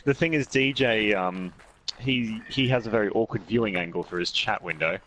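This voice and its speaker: A man's voice: on the low side, normal speed, fairly bright tone, a little hiss or hum. An Australian man co-hosting a game stream, chatting and reading out viewer comments with jokes. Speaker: stream co-host and chat moderator. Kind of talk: casual gaming stream chat.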